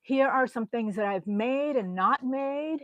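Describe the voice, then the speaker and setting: A woman's voice: sits high, unhurried, dull audio. A middle-aged woman chatting casually on a live stream as she tours her small craft room at home, rambling from one item to the next. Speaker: crochet vlogger.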